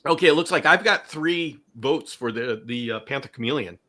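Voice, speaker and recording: A man's voice: medium pitch, lively intonation, moderate pace, pushed and bright. A middle-aged man from California hosting a casual livestream, chatting and reading viewer comments aloud. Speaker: livestream host.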